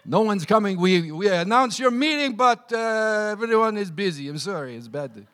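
A man voicing a gloomy male church contact with a put-on foreign accent that drifts toward Russian, speaking slowly and heavily. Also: high-pitched, expressive, a bit bright. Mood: apologetic.

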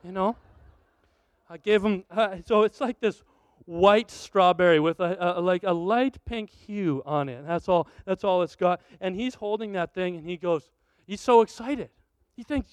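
A male pastor preaches with animated storytelling and acts out the people in his stories. His voice sits high and sounds smooth and resonant. The recording is dry and close to the mic. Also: moderate pace, dry recording. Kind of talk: sermon.

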